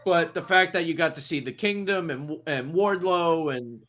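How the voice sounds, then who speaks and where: A man's voice: on the high side, moderate pace, a bit bright. A man co-hosting a podcast in casual chat, setting up questions and giving his own take. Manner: conversational, poses questions. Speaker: podcast co-host.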